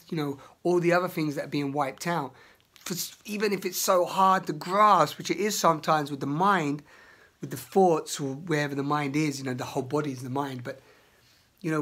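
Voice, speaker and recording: A man talking through his feelings in a rambling, emotional vlog, swearing often and breaking into loud outbursts. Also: a little high. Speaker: vlogger. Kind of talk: outdoor confessional vlog. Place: outdoors in nature.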